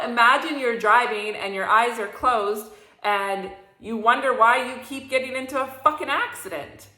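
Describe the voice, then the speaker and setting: A woman's voice: on the high side, sharp tone, reverberant. A woman coaching listeners in a motivational talk, emphatic and preachy, with free swearing. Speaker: spiritual coach.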